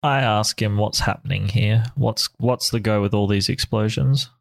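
A man's voice: fairly low pitch, steady tone, normal speed, vocal fry. A man playing a tabletop game, blunt and crude in how he talks. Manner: blunt, crude, matter-of-fact. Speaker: player.

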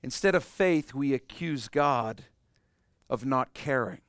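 A man preaching a sermon, explaining a passage emphatically and swinging between loud and hushed delivery. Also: medium pitch, lively intonation, slow pace, clear, resonant tone, dry recording, studio quality. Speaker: pastor.

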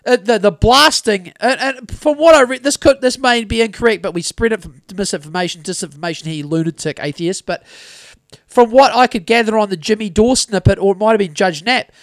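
A man's voice: sits high, a little fast, fairly bright tone, dry recording, clean studio sound. Sweary New Zealand man ranting. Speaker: podcast co-host. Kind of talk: casual chat.

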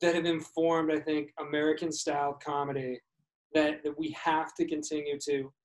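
A man's voice: a little high, flat delivery, moderate pace, low-quality recording. A man co-hosting a casual chat, talking at length and reflecting on his points.

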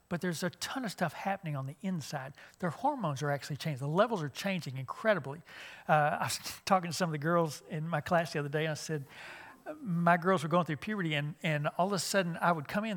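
A man's voice: on the high side, fairly bright tone. A middle-aged man, a youth minister giving a conversational church lesson with many fillers and restarts.

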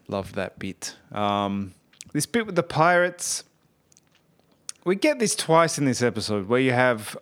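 A podcast host reviewing an episode in casual, rambling chat, full of fillers and self-corrections. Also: male voice, medium pitch, a bit bright, clear, resonant tone.

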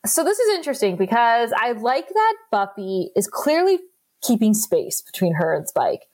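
A woman's voice: a little high, very animated, moderate pace, a little mellow. A woman co-hosting a casual podcast, retelling scenes with quoted lines and laughing often. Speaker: podcast co-host. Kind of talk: casual recap chat.

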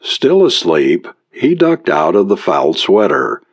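Deep-voiced man narrating an audiobook. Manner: measured, expressive reading.

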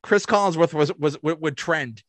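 A man's voice: on the high side, normal speed, no room sound. A man hosting a podcast, chatting casually and joking, often stammering and repeating words. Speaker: podcast host. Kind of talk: casual chat.

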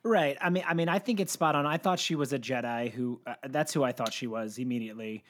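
Low-voiced woman, animated podcast guest. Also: fast, a little hiss or hum. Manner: animated, slips into mocking character voices. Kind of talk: casual chat.

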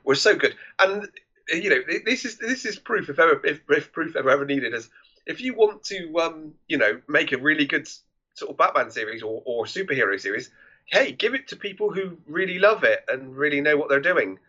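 A man chatting about a film on a podcast, rambling and often starting his sentences over. His tone is bright and forceful, but the recording sounds dull and lo-fi. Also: on the high side, animated, brisk. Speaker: podcast co-host. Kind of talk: casual film review chat.

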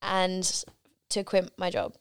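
Young woman podcast co-host, very smooth and clear voice, frank and self-mocking. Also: on the low side, expressive, slow pace. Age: young adult. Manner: frank, self-deprecating, swears casually. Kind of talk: casual chat.

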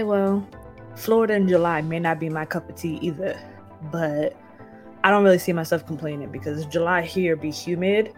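A young woman vlogging, telling a story in a casual, dramatic and animated way with lots of slang. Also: low-pitched. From United States.

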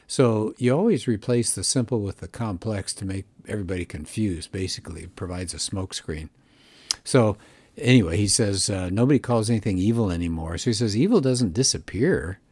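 A man's voice: fairly low pitch, darkish tone, breathy edge, no room sound. A man hosting a book review show, talking through a book in an earnest, reflective, conversational way. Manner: earnest and reflective, musing aloud.

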